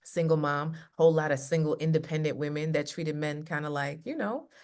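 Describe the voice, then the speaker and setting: Woman coach on a video call, kinda low voice, animated, does little voices for her stories. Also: a little fast. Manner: animated storyteller acting out quotes. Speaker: guest love coach. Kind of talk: casual chat.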